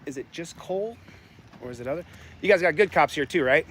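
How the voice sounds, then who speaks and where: A man's voice: a little high, expressive, fast, a bit bright, slightly rough. A man filming himself as an independent journalist, confronting and insulting police in a public parking lot with a combative, taunting manner. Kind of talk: street confrontation.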